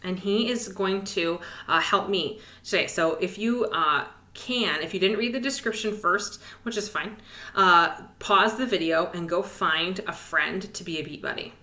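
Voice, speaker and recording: A woman's voice: lowish voice, unhurried, pushed and bright, roomy sound. A woman music teacher giving a cheerful, encouraging video lesson to young children, speaking in a sing-song way and whispering the rests.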